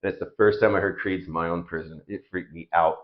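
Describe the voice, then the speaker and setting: A man's voice: low-pitched, steady tone, brisk. A man, a podcast guest, telling rambling, profane stories in a laid-back casual way. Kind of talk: casual storytelling. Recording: dull lo-fi sound.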